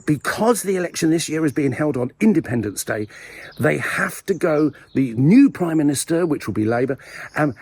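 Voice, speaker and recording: An Englishman hosts his own video blog outdoors in a village graveyard, his medium-pitched voice darkish and husky, with no room sound. He rambles through a satirical, mock-serious monologue with playful asides.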